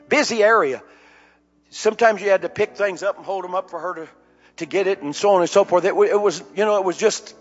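A man with a fairly high voice delivers a sermon as a personal story, speaking frankly and conversationally to his listeners. The recording is a bit muffled, with soft music underneath. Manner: candid, conversational storytelling addressing the congregation. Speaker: preacher. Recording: slightly dull recording with faint music behind.

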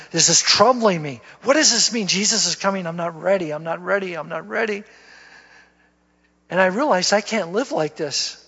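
A guest speaker in a church, a man with a high, fairly bright voice, tells his conversion story as a sermon testimony, folksy and laughing at himself. The church recording is dull and lo-fi, with long reverb.

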